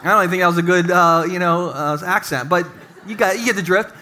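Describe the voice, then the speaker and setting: A man pastor giving a sermon to a live congregation, telling stories with animated humor. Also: high-pitched, quick pace. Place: church service with a live congregation.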